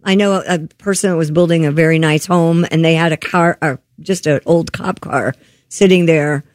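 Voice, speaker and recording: A woman's voice: sits low, steady tone, moderate pace, a little mellow, no echo, clean studio sound. A woman co-hosting a radio show, chatting casually and doing a live ad read in an upbeat way. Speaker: radio show co-host, reads ads.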